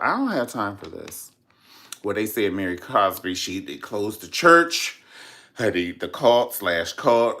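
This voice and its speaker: A man talks straight to his followers in a casual gossip vlog, full of sass and profanity. His pitch swings all over the place, playful one moment and indignant the next, with "honey" sprinkled throughout. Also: fairly bright tone. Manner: sassy, dramatic, profane, says "honey" a lot. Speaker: vlogger host. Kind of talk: casual celebrity gossip commentary.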